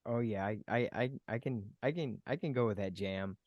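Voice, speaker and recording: Man, middle pitch, casual host, stammers, dry room. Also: normal speed, dry recording, muffled recording. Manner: stammering restarts, joking. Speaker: podcast co-host. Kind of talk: casual chat.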